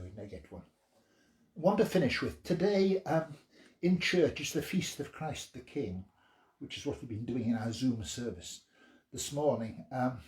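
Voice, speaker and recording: A man's voice: medium pitch, a little mellow. A man, a singer-songwriter at home, chatting casually and self-deprecatingly between songs and reading his own verse aloud. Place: at home during lockdown. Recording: roomy echo.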